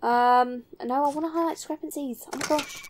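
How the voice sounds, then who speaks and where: A woman's voice: high voice, a little fast, slight background noise. A young woman in her early twenties, chatting casually as she plays a video game, muttering to herself with lots of ums. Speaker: let's play gamer. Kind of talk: casual gameplay commentary.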